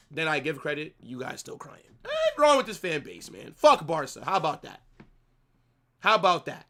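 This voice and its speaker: A man's voice: high voice, huge pitch swings, moderate pace, pushed and bright. A young man hosting a live football watch-along, ranting at his viewers with heavy profanity and lots of repetition. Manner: profane, ranting, repeats himself.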